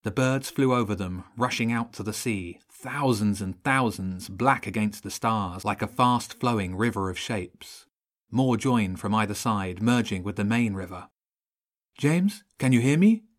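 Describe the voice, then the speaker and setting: Man narrating a children's audiobook. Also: on the low side. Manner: steady, measured storytelling.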